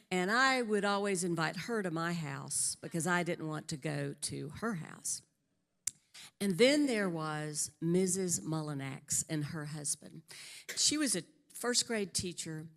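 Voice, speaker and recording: An older woman, telling an unhurried story in church. Her voice is low-pitched and gravelly, picked up on a handheld mic. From Western North Carolina. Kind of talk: personal story at a church service. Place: church sanctuary.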